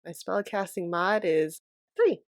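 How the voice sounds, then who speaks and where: A woman playing a tabletop game, excitable and laughing often. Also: lowish voice, measured pace, dry recording, studio quality. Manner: animated, laughs a lot, excitable. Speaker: player. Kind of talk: casual tabletop play.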